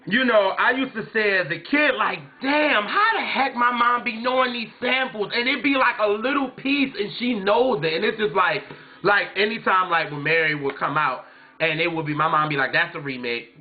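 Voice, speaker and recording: A man vlogging casually about music, telling stories, imitating his mom and singing snatches of songs. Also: high-pitched. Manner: chatty, storytelling, often mimics his mom and sings snatches. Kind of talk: casual chat. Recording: tinny phone-like sound.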